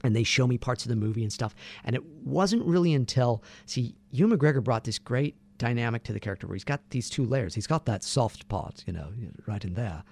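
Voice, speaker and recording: Gravelly-voiced male voice actor telling stories. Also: medium pitch, a little fast, hardly any pauses. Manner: animated anecdotes, acts out quotes. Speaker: voice actor guest. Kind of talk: casual interview storytelling.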